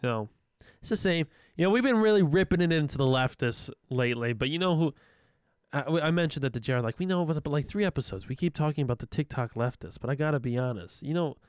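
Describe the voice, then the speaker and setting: A young man co-hosting a podcast in casual political chat, animated and profane, often mocking the voices of others. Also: mid-range voice, fairly quick, clear, resonant tone, dry recording, clean studio sound. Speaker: podcast co-host.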